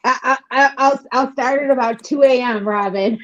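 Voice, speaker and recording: A woman reacting in a giggly, lively way during a casual chat with friends. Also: sits high, moderate pace, a little hiss or hum. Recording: dull lo-fi sound.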